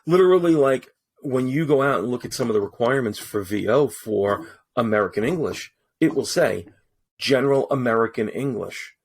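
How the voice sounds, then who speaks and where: Man, voice-over pro, guest on a podcast; mid-pitched, lively anecdotes with false starts. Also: normal speed, slightly rough. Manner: animated storyteller with many restarts. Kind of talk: casual podcast conversation. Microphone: studio mic in his booth.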